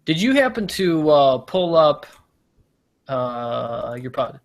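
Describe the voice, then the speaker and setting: A man's voice: fairly high pitch, big pitch swings, slow, creaky. A man hosting a casual comedy show, rambling through jokey stories and often losing track of his point. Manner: rambling, self-deprecating, loses his point. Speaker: podcast host.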